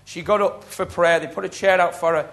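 Gravelly man preaching a testimony. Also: high-pitched, brisk. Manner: storytelling, animated, acting out quoted voices. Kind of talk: sermon with testimony.

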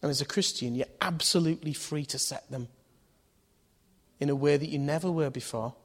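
A man's voice: a little high, moderate pace. A man preaching a sermon in a conversational way, asking his listeners questions and acting out voices in his stories. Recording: long hall reverb.

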